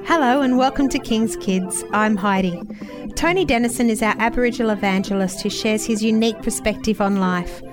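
A woman, hosting a radio program and reading a measured, gentle scripted introduction. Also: on the high side. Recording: faint music behind.

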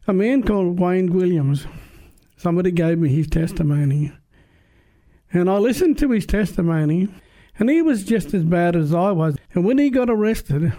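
Earnest high-voiced man preaching. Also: warm tone. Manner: earnest, emphatic, plain-spoken. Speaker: preacher giving his testimony. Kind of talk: testimony sermon.

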